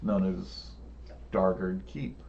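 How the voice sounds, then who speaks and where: A man narrating a tabletop game as game master, unhurried and laughing often. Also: sits low, vocal fry, darkish tone, distant mic. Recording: dull lo-fi sound, faint room noise.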